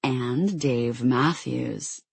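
A narrator voicing a quick-witted teenage girl with a teasing, deadpan manner, in an audiobook. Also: mid-range voice, creaky, breathy edge, no room sound.

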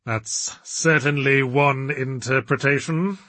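A dazed, self-important villain drawls his grand pronouncements in a slow, slurring voice, as a man puts him on. The voice is a little husky and sits dry and close. Storybook reading. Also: mid-range voice, fairly even intonation, bright, forceful tone, no echo. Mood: grandiose, slurred. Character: pompous dazed theatrical male villain.

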